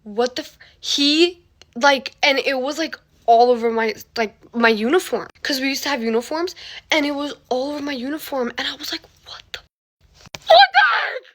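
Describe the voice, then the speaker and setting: Young woman, high pitched, dramatic storytime with lots of "like", flips between whispering and shrieking. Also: normal speed. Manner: animated, dramatic, filler-heavy, swings into whispers and shrieks. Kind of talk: casual storytime.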